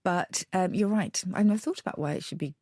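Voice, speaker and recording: A woman's voice: fairly low pitch, fast, dark tone, no echo, clean studio sound. A middle-aged woman co-hosting a podcast about words, explaining word origins with enthusiasm and frequent asides. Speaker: podcast co-host, word expert. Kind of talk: conversational explanation.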